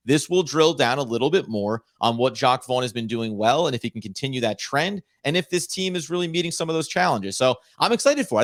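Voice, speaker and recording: Male podcast co-host, mid-range voice, dry booth sound, energetic casual delivery. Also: medium pitch, no room sound. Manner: energetic, talks in long run-on points. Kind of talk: casual sports podcast talk.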